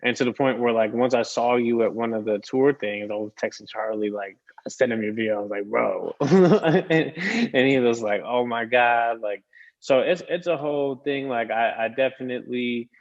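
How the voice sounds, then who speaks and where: A man's voice: medium pitch, normal speed. A man hosting a casual interview, upbeat and affirming toward his guest. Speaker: host. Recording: dull lo-fi audio.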